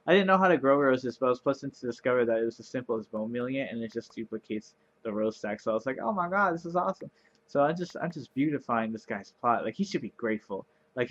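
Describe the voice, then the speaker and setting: A man chats his way through gameplay commentary, rambling from thought to thought with plenty of fillers. His voice sits at an ordinary middle pitch, and a faint hum of ambience runs underneath. He turns playfully sarcastic and gets excited easily. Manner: rambling, chatty, lots of fillers. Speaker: let's play commentator.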